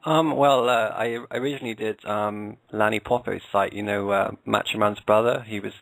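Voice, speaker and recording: A man's voice: on the low side, fairly even intonation, normal speed, creaky, fairly bright tone, no echo, low-quality recording. A British man, a podcast co-host, chatting casually as an interview guest, hesitant with many fillers and restarts. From England.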